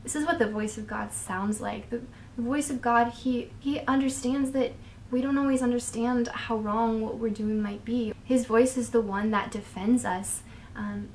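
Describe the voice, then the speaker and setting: Earnest, chatty young woman, fairly high voice. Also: steady tone, a little slow, a little hiss or hum. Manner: earnest and chatty, drifts into tangents, laughs softly. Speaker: faith vlogger. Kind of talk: casual faith advice talk.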